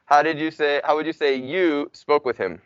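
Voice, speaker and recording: A young man teaching a Spanish class in an easygoing, talkative way, with a native English speaker's voice. His voice sits a bit high for a man. The recording is dry and slightly muffled, with no room echo. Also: fairly even intonation, normal speed, clear, resonant tone. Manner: chatty, informal, uses y'all and like. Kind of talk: casual classroom lecture.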